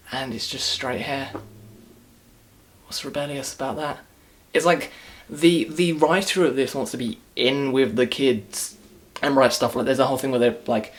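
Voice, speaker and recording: A man's voice: medium pitch, normal speed. A man giving a casual, sarcastic movie review rant, rambling and restarting as he goes.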